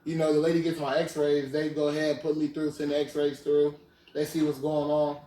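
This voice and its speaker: Young man, podcast host, slangy animated storytelling, higher voice, roomy sound, distant mic. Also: normal speed. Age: 20s. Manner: slangy, animated retelling, keeps saying "you feel me". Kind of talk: casual storytelling chat.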